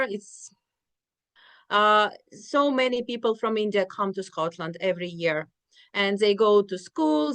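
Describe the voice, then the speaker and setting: Ukrainian lady teacher chatting slow, kinda high voice, calls everyone guys. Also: clean tone. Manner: warm, chatty, addresses listeners as guys. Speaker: English teacher, guest. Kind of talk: casual interview chat.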